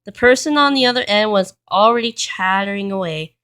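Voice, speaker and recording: A woman reading a children's storybook aloud in a plain, steady way. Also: mid-range voice, a little fast, clear, resonant tone. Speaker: reader.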